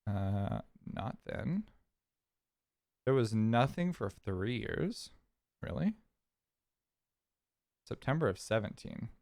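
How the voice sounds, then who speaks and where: A man's voice: mid-range voice, sing-song, slow pace, creaky, pauses often, a little mellow, no room sound, clean studio sound. A man from California streaming, telling a story in a casual, rambling, chatty way. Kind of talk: casual chat.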